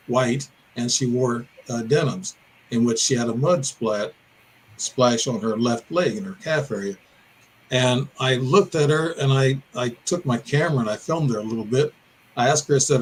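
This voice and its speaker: An older podcast guest from Illinois, speaking in a mid-range voice, winds his way through a detailed account of an encounter and corrects himself along the way. The audio is poor, with slight background noise.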